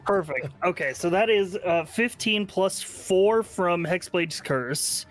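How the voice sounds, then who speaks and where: A man's voice: high voice, expressive, slow, soft background music. Casual, swearing man playing a tabletop game. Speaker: player. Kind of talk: playing a tabletop game, explaining his rolls.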